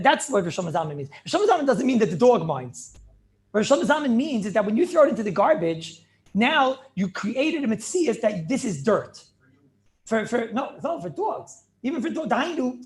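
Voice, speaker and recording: A rabbi teaches his class in an animated, chatty way, firing off questions and laughing often. He stumbles over repeated words as he restarts his thoughts. His voice sits high and his intonation swings widely. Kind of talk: lively Talmud class lecture.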